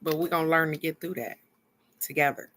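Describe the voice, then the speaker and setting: A woman telling viewers a personal story in a casual, earnest way, pausing to reflect and speaking straight to her audience. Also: deep voice, steady tone, a bit bright. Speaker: spiritual card-reading host.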